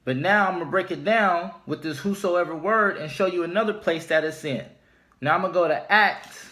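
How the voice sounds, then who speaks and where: A man teaching scripture informally, speaking deliberately and repeating his key points for emphasis. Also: high-pitched, sharp tone. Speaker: religious teacher.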